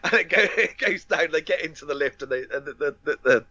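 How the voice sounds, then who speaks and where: A man with a bright, slightly tense voice, pitched a little above the usual male range, talking through a film scene by scene. He stumbles, restarts and laughs as he goes. The sound is dry and a bit dull, like a lo-fi home podcast mic. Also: fast talker, dry recording. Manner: rambling retelling with many fillers and restarts, laughing often. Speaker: podcast co-host. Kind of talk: casual film recap chat.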